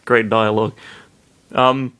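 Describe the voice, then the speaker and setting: A man's voice: lowish voice, level tone, slow pace, pushed and bright, clean tone. A man reading fan fiction aloud, breaking off into self-deprecating, apologetic asides. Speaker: reader, narrator.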